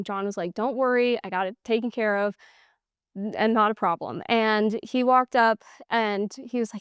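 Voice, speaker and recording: Animated young woman, smooth voice. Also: fairly high pitch, moderate pace, no echo, clean studio sound. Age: young adult. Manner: animated storytelling, acts out quoted exchanges, laughs often. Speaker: guest, hunter. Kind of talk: casual interview chat.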